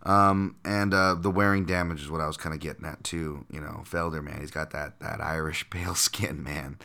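Deep-voiced man rambling through fight picks. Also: vocal fry, pushed and bright. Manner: rambling, thinking aloud with frequent fillers and restarts; chuckles now and then while talking. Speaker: podcast host and fight analyst. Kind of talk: casual solo podcast breakdown.

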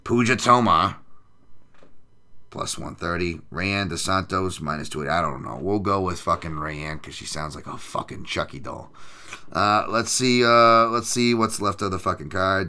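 Here the podcast host's voice sits low, clean, bright and forceful, delivered at normal speed. He's making fight betting picks and reading the chat in casual, sarcastic, profane livestream banter.

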